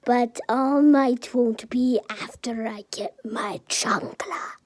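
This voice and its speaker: A woman voicing a fierce, shrill protective mother. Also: slow, no echo. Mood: scolding. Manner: shrill yelling when angry.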